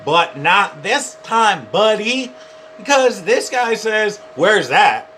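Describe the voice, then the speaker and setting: A young man telling a funny personal story to camera in a rambling, animated way, full of "like". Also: high-pitched, slow pace, a little hiss or hum. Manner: rambling, animated, heavy use of "like". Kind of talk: casual comedic storytime.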